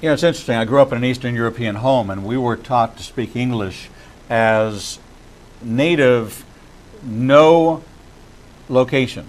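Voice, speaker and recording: A man from Pittsburgh hosting an interview, asking questions in a measured, deliberate way. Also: mid-range voice, low-quality recording. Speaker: interview host.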